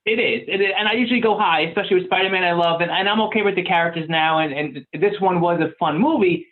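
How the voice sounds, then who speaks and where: A man's voice: high voice, fast talker, slight background noise. A man in casual podcast chat, hesitant at first, then arguing his point. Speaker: podcast panelist. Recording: tinny phone-like line.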